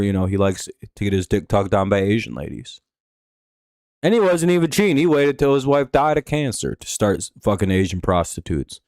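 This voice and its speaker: A man's voice: on the low side, darkish tone, no room sound, clean studio sound. A man hosting a casual live stream, talking in a rambling, profane way with lots of fillers and restarts.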